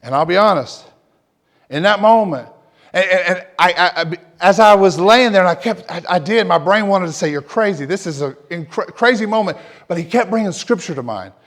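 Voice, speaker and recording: A man preaching an emotional personal testimony as a pastor, dropping to near whispers and then rising loud and fervent. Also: high-pitched, animated, normal speed. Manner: emotional testimony, swings from hushed to loud, repeats himself. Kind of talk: sermon.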